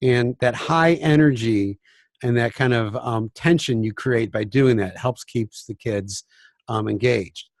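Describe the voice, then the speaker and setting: A man's voice: mid-range voice, a little slow, no echo, clean studio sound. A man, a music teacher, giving a casual talk on classroom behavior, chatty and self-deprecating. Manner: chatty and self-deprecating, often demonstrating by dropping to a hushed voice. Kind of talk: casual instructional talk with acted classroom examples.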